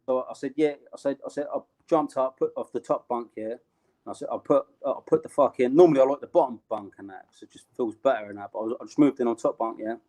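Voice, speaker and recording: A man's voice: mid-range voice, fast, mellow. A young British man telling a street story in casual, slangy talk, laughing along the way. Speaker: interview guest.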